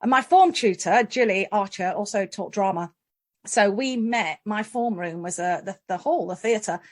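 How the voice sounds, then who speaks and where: A woman in her forties, a guest in an interview, telling lively stories with self-deprecating humour and frequent laughs. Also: mid-range voice, moderate pace. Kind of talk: interview storytelling.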